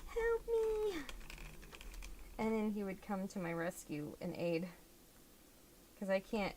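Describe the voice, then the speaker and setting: A woman's voice: medium pitch, slight background noise. A young woman chatting through a fiddly crafting job at home, often exclaiming as she works. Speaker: doll hobby vlogger. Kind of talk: casual crafting vlog.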